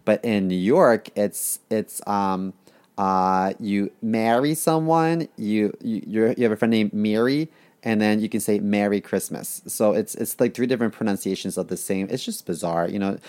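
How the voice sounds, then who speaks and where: A man's voice: lowish voice, normal speed, a little mellow. Sarcastic Baltimore man joking around. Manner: sarcastic, profane, playful put-on quotes. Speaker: podcast co-host. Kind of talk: casual comedic chat.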